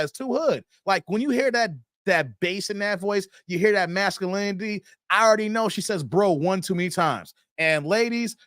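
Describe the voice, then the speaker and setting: This is a livestream host from Chicago, a man whose voice sits fairly high, chatting casually and animatedly with his viewers. Frequent chuckles punctuate his reading of the chat, captured in a close, dry sound free of room echo.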